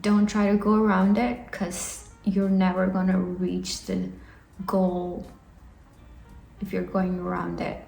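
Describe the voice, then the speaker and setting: A woman's voice: on the low side, completely flat delivery, takes it slowly, creaky, darkish tone. A woman in her twenties from India, talking to camera in an earnest, encouraging vlog, rambling a little with fillers. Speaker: vlogger. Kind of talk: casual talking-head vlog. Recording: echoey room, faint music.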